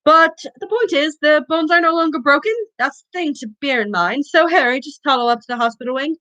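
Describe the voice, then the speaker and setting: A vain, smooth-talking male wizard teacher, voiced by a woman reading a storybook aloud, who reassures with breezy overconfidence. The voice sits high and bright. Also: brisk, no room sound.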